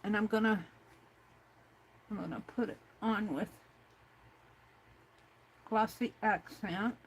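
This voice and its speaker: A woman's voice: mid-range voice, steady tone, takes it slowly, slight background noise, rough recording. A woman hosting a crafting livestream, chatting casually to herself and her viewers while she works. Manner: chatty, talks to herself while working, reads chat aloud.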